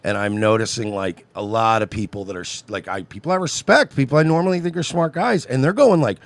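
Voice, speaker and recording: A man's voice: lowish voice, a little fast, no echo. A man telling stories on a podcast, acting out quotes in exaggerated voices. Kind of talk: casual podcast storytelling.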